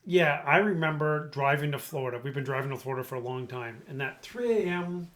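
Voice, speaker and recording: A man's voice: fairly high pitch, a little fast, fairly bright tone. Middle-aged man, wry, joking, casual podcast banter.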